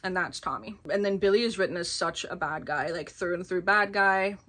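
A woman giving a casual, rambling book review, full of filler words and quick laughs. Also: on the low side, pushed and bright. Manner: chatty, rambling, many filler "like"s, laughs often.

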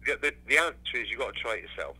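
Sharp-voiced Englishman, sweary and rambling. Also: medium pitch, expressive, rapid-fire, vocal fry, slightly rough, poor audio. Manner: swears freely, rambling with restarts. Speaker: musician guest. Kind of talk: casual interview chat.

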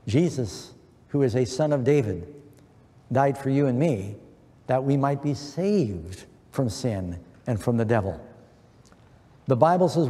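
A man's voice: medium pitch, animated, a little slow, long pauses, warm tone. A middle-aged man preaching an earnest sermon, quoting scripture with emphasis. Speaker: pastor. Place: church. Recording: long church reverb.

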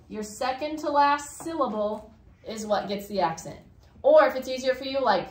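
Woman teacher, fairly high voice, patient step-by-step explaining, echoey classroom, faint hiss. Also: measured pace, darkish tone. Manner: explains step by step, asks questions. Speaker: Spanish teacher. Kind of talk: classroom grammar lesson.

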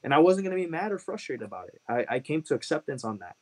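A man's voice: on the high side, big pitch swings, fast, a little mellow, husky. A man from Chicago, a guest telling an emotional personal testimony in an earnest way and repeating phrases for emphasis. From Chicago, USA.

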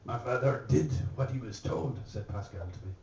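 A man's voice: medium pitch, expressive, moderate pace, gravelly, a little mellow, a little hiss or hum. A man telling a rambling joke live in a pub, slipping into mock French lines. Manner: rambling anecdotal delivery with mock French phrases. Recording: distant, roomy, dull live pub recording.

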